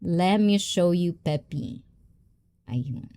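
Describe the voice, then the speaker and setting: A Filipina woman chats on her livestream with an excitable, giggly energy. Her pitch leaps around lively and she slips easily between languages. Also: slow, clear, resonant tone. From Philippines. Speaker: livestream host. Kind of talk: casual livestream chat.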